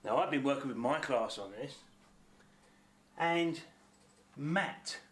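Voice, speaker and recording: A patient Australian man teaching vowel sounds at a very slow, deliberate pace. His voice sits at an everyday middle pitch. He spells words out letter by letter, the way a teacher would for a class. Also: expressive, a bit bright. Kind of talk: phonics lesson to camera.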